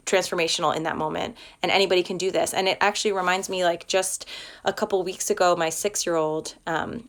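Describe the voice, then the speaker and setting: A woman's voice: on the low side, fairly bright tone. A woman in her thirties hosting a self-help live stream, talking in an earnest, rambling way full of likes and restarts. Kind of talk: casual live-stream talk. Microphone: phone or webcam for a live stream.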